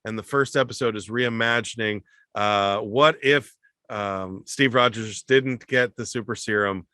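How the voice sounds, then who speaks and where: A man co-hosting a comedy podcast in casual chat, laughing often and breaking into quick impressions. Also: mid-range voice, bright, forceful tone, dry recording, studio quality. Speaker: podcast co-host.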